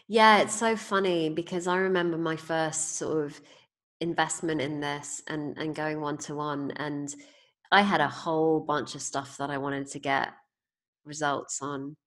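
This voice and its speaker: Woman podcast host, deep voice, amused storyteller. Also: steady tone, a little slow, fairly bright tone. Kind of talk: casual conversation.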